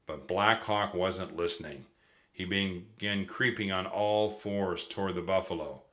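Low, forceful male voice reading a children's chapter book aloud, expressive delivery with slight stumbles. The tone stays bright and firm. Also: a little slow. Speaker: narrator. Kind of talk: children's storybook read aloud.

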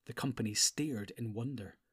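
Calm measured male audiobook narrator. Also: mid-range voice, slightly rough.

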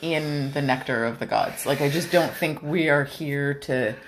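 A woman with a notably low voice co-hosts a casual morning stream. She teases dryly, laughs easily, and reads a devotional passage aloud. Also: a little slow, a little hiss or hum. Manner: dry, teasing, laughs easily. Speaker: live stream co-host.

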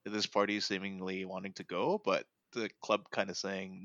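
A man's voice: deep voice, level tone, a little slow, pushed and bright, no echo, dull audio. A man hosting a casual sports podcast, rambling and thinking aloud with lots of fillers. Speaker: podcast host.

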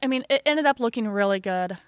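A woman's voice: fairly high pitch, expressive, fast, dry recording, studio quality. A woman from a small town co-hosting a casual podcast chat, wry, swearing casually and acting out quotes in her stories.

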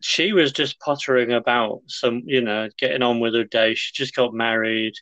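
A man's voice: medium pitch, steady tone, normal speed, a bit bright, no room sound, poor audio. A man co-hosting a podcast in casual chat, telling stories in a laid-back, jokey way. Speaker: podcast co-host.

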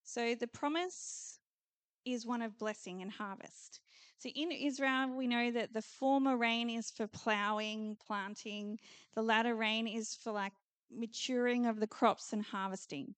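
A woman preaching at a church conference with a fairly high voice. She repeats earnest declarations over the listeners. The sound is close and dry. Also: unhurried, clear, resonant tone, dry recording. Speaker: conference speaker. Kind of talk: prophetic preaching.

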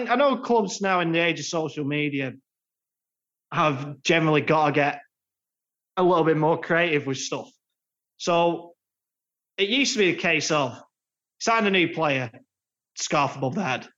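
A man's voice: a little high, fairly bright tone. A man co-hosting a football podcast, bantering with a sarcastic edge. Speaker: podcast co-host. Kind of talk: casual football podcast chat. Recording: dull lo-fi sound.

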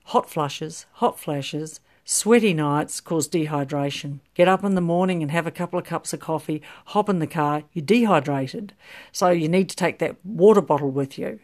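A woman's voice: sits low, normal speed, darkish tone. A middle-aged woman coaching on menopause health in a rambling, casual talk full of ums and restarts.

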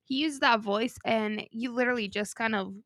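A woman's voice: fairly high pitch, moderate pace, fairly bright tone, no room sound, studio quality. A woman co-hosting a podcast in casual chat, blunt and swearing, often laughing. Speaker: podcast co-host.

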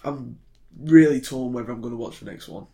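A man's voice: medium pitch, a little fast, mellow. A British man co-hosting a casual podcast about films. He rambles, with lots of ums and restarts. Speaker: podcast co-host. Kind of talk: casual film chat.

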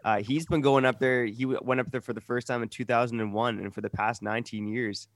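A man from Canada co-hosting a casual podcast from home, relaxed and easygoing as he tells a story. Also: mid-range voice, fast talker, no echo, clean studio sound. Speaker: podcast co-host. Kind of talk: casual chat.

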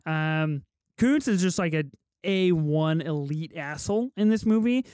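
Man, fairly high voice, podcast host, wry, dry close sound. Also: expressive, measured pace, a little mellow, clean tone, no room sound. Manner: steers the talk, wry and teasing. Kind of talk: casual chat.

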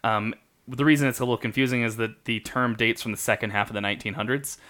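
A quiz host with a medium-pitched, sharp voice and quick pace jokes around with puns in casual banter. He explains each answer at length in an easygoing way.

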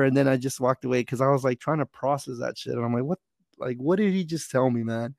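A man's voice: mid-range voice, fast, gravelly, no echo, clean studio sound. A young man from Texas telling a rambling, profane story in casual podcast chat. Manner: rambling, profane, animated retelling.

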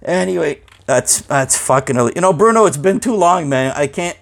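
A man hosting a casual comedic interview, teasing and deadpan, swearing freely. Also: fairly high pitch, moderate pace, gravelly. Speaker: host.

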